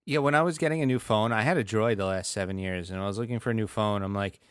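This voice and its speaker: A lower-voiced man co-hosting a podcast, calm and deadpan, tossing in dry crude jokes. His voice sits close and dry on the mic. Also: fast talker, smooth, no room sound. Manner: dry, deadpan one-liners. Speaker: podcast co-host. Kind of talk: casual comedic chat.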